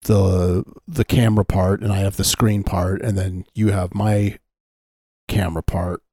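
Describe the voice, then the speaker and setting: A man with a low, warm voice chats casually on a podcast. He talks in halting stretches with dry, deadpan humor, close to a dry mic. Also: slightly rough, no echo. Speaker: podcast co-host. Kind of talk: casual chat.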